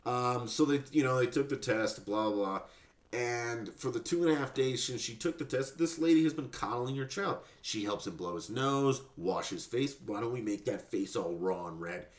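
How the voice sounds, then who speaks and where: Male podcast host, sarcastic profane rant, animated voice, roomy echo. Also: mid-range voice. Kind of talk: ranting commentary.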